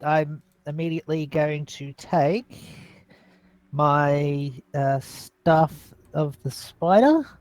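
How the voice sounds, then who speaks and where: A man lays out his character's actions at a tabletop game in a measured, stern way. The sound is dry, with no room echo. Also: a little high, darkish tone. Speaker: player.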